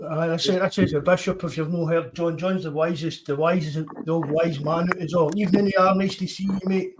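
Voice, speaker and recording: A man's voice: fairly high pitch, fairly even intonation, fairly quick. A man with a Scottish accent hosting a podcast, casually greeting guests and reading out names from the live chat. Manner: friendly, reads out live chat shout-outs. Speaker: podcast host.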